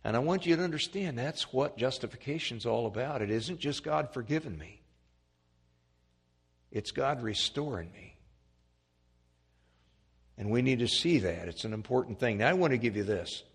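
A man preaching a sermon, emphatic, swinging from loud peaks to quiet asides. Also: lively intonation, normal speed, vocal fry, pauses often, breathy edge. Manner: emphatic, rising to loud peaks then dropping low. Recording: long hall reverb.

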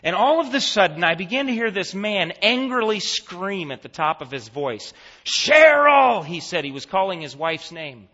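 A male pastor preaching a sermon, telling a vivid story and then making an earnest, hushed appeal. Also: high voice, expressive, normal speed, hardly any pauses. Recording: echoey church hall, dull lo-fi sound.

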